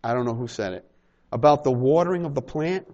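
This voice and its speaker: A pastor speaking a little fast in a mid-range voice delivers an animated sermon to a small congregation, acting out short exchanges and joking with those present. The audio is lo-fi.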